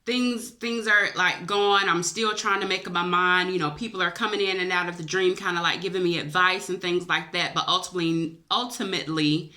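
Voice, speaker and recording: Lady vlogger, teary and chatty, kinda low but bright sharp voice, keeps saying y'all. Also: steady tone, a little fast, hardly any pauses. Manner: emotional, chatty, addresses viewers as y'all. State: teary-eyed. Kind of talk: personal storytelling to camera.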